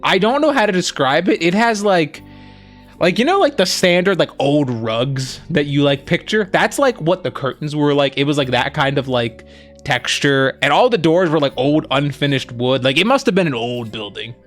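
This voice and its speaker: A young man casually telling a story as a co-host, rambling with lots of fillers and quoting people in animated bursts. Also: on the high side, normal speed, soft background music.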